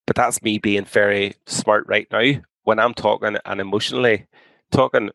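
Podcast guest: young man, lowish voice, blunt and unfiltered, dry close sound. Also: fairly even intonation, moderate pace, gravelly, a bit bright, no echo, poor audio. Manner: blunt and outspoken, swears freely. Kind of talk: candid conversation.

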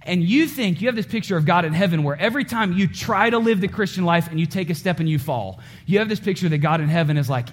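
A man in his thirties, a pastor preaching a sermon, animated and speaking directly to his congregation, acting out voices as he tells a story. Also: fairly high pitch, quick pace, few pauses.

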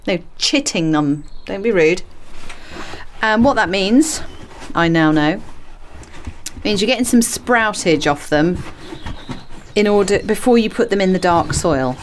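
A woman's voice: medium pitch, lively intonation, measured pace, long pauses, slight background noise. A woman hosting a gardening podcast from her greenhouse, chatty and self-mocking with playful asides. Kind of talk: casual gardening podcast chat. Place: garden and small greenhouse, outdoors.

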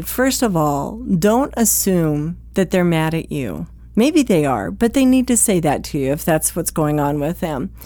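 A woman's voice: medium pitch, darkish tone, no echo. A woman hosting an advice podcast, speaking conversationally and acting out short quoted exchanges between partners. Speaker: podcast host, psychologist.

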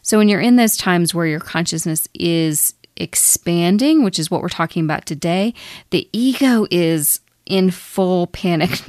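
A woman's voice: on the low side, no room sound, studio quality. A woman co-hosting a spiritual podcast, talking casually about the ego, often laughing and stretching out her words for emphasis. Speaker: podcast co-host, psychic medium.

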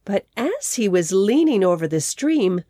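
A woman narrating a children's story in a gentle, measured way. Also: medium pitch, big pitch swings, no room sound, studio quality.

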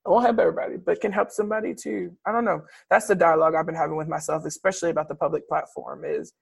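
A woman preacher and teacher reflecting candidly in conversation, animated and expressive, laughing often. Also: sits low, very fast, gravelly, breathy edge.

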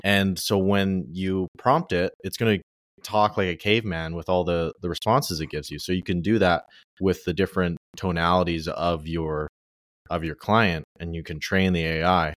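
A young man, a ghostwriter, explaining his methods in a relaxed, loose way in a casual interview. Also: sits low, moderate pace, no room sound, clean studio sound. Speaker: ghostwriter guest.

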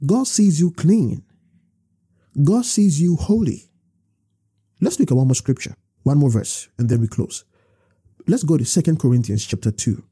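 A man preaching a sermon, emphatic, reading scripture slowly and urging his listeners. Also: medium pitch, dark tone, breathy edge. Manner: emphatic, repeats scripture slowly and exhorts the congregation.

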